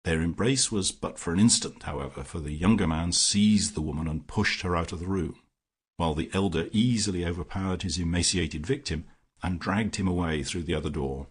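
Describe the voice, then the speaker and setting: A man narrating a classic detective story in the first person, measured and even. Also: low-pitched, husky. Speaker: audiobook narrator.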